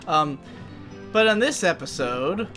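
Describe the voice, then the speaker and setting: Bright young man rambling on a podcast. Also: on the high side, animated, takes it slowly, soft background music. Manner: rambling, thinking aloud with many restarts. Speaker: podcast co-host. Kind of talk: casual chat while gaming.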